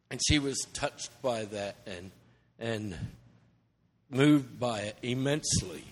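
A missionary preacher, a middle-aged man, tells stories during a sermon with earnest emotion, restarting now and then. His voice sits at medium pitch and moves slowly, with frequent pauses. The church gives the recording a long reverb.

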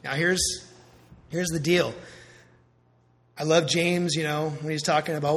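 A man preaching a sermon as pastor, conversational and animated, with quick asides and acted-out voices. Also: fairly high pitch, in a large hall.

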